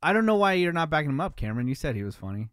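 Brief: male co-host, slightly high, lively pitch, wisecracking, loud music behind. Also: very fast, clear, resonant tone, no room sound, studio quality. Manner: playful, defensive, wisecracking. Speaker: radio show co-host.

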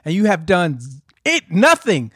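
A man's voice: high-pitched, huge pitch swings, unhurried, a bit bright, no echo, clean studio sound. A man co-hosting a podcast, ranting emphatically in casual chat and swearing freely. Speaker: podcast co-host.

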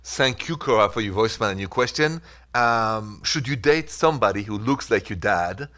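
A low-pitched man with a French accent hosts a call-in advice show. He talks in short, earnest, reassuring phrases to a studio microphone. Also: lively intonation, moderate pace, pushed and bright. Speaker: radio relationship advice host.

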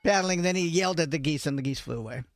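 A man's voice: a little high, fast, loud music behind the voice. A man co-hosting a casual podcast, revealing answers with laughing storytelling. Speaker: co-host running the game.

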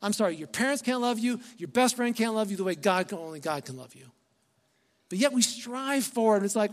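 A male pastor delivers a sermon in a high voice, talking to the congregation conversationally and pressing his points with rhetorical questions. His voice rings with the long reverb of a large hall. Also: animated, normal speed.

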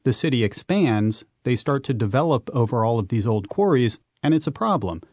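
Man telling animated stories as a guest. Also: mid-range voice, normal speed, dry recording. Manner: animated storytelling, emphatic. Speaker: guest, urban explorer and author. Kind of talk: radio interview.

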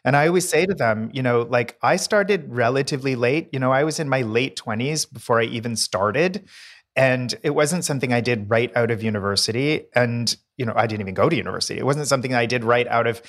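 A man's voice: mid-range voice, brisk, a bit bright. Chatty man with a playful storytelling streak. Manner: chatty, playful, mimics voices for effect. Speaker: podcast co-host, decorator. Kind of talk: casual chat, storytelling.

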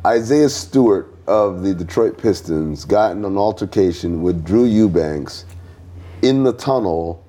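A man co-hosting a relaxed sports chat show. His voice rises and falls a lot, and he slips into exaggerated voices when he quotes people. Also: low-pitched, a little slow. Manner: animated, acts out quotes in mock voices. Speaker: podcast co-host.

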